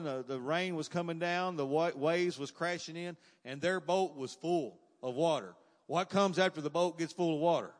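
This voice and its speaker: A man preaching a sermon, moving from quiet asides to loud, emphatic cries. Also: on the high side, in a large hall.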